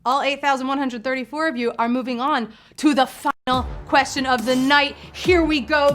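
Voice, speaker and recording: A woman hosts a live trivia game show with a high, bright-sounding voice. She reads each question and throws in playful, teasing asides to the players. Faint music plays behind her. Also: steady tone, fairly quick.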